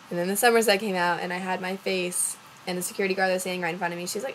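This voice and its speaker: A woman's voice: mid-range voice, fairly even intonation, fast talker, pauses often, a little hiss or hum, low-quality recording. A young woman from Louisiana telling a long story to her camera, rambling with lots of fillers and acting out what others said. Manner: rambling, acts out quoted voices, many fillers. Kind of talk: casual storytelling vlog.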